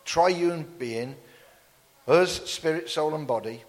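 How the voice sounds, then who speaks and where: A man preaching a sermon in a church, lively and jokey, with playful asides to the congregation. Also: a little high, slow pace, big-room sound. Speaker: pastor.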